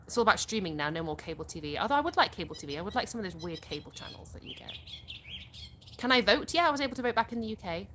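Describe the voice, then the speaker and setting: A woman's voice: medium pitch, sing-song, rapid-fire, fairly bright tone, a little hiss or hum. A woman, hosting a live stream outdoors, reading viewers' comments aloud and answering them chattily. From England. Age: 30s. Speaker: livestream host.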